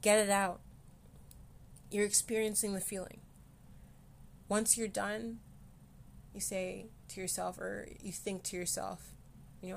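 A woman from Canada talks on her own podcast in a loose, candid way, often restarting and swearing freely. Her voice sits in a middle pitch range. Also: little pitch movement, unhurried, gravelly, long pauses, a little hiss or hum. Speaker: podcast host. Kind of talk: casual solo podcast talk.

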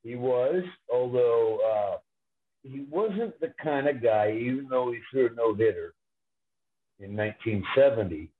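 A man's voice: mid-range voice, animated, unhurried. A man calling in as a guest on a sports talk show, telling rambling, fond stories about a former player. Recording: tinny phone line.

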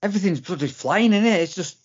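A man's voice: high voice, animated, quick pace, breathy edge. A British man co-hosting a podcast, easygoing and hesitant, often restarting his sentences. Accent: British English. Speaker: podcast co-host. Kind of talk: casual podcast banter. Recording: slightly dull-sounding podcast audio.

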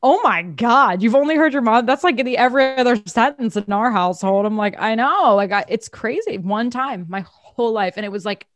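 A woman's voice: a little high, lively intonation, fairly quick, few pauses, no echo. A woman in casual group conversation, talking animatedly, laughing often and acting out what others said.

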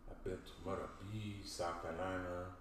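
An actor playing a brash young African prince with a Southern accent, talking in profane, boastful, rambling slang in a comedy interview sketch. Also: male voice, low voice, flat delivery, moderate pace, slight background noise. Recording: echoey room, distant mic, faint ambience.

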